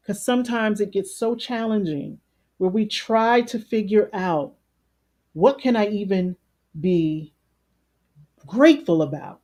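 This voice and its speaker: Woman, life coach, live-streamed guided meditation, big loud voice, mid-pitched, repeats phrases for emphasis. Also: a little slow, long pauses. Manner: conversational, greets live viewers by name between affirmations.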